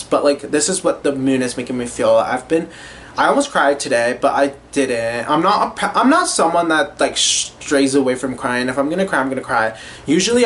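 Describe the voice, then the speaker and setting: A man's voice: fairly high pitch, a little hiss or hum. Chatty young man musing aloud. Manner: chatty, rambling, self-reflective, swears freely. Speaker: podcast host. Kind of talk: casual personal monologue.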